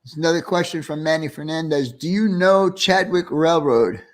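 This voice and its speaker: A man's voice: a little high, normal speed. A man with a New York accent hosting a casual live stream, reading viewer comments aloud and laughing easily.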